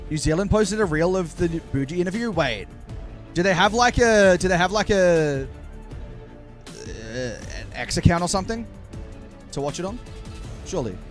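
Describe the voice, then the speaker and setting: A male streamer with a high, worn-out hoarse voice, chatting casually with his viewers while fiddling with setup. Faint music plays behind him. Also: expressive, moderate pace, long pauses. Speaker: live streamer hosting a watch party. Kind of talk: live stream chat.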